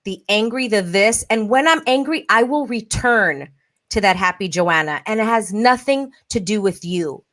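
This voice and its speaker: A woman hosting a podcast in a lively chat, acting out quoted voices as she talks. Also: medium pitch, moderate pace. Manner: animated, acts out quoted voices. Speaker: podcast host. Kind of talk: casual podcast conversation.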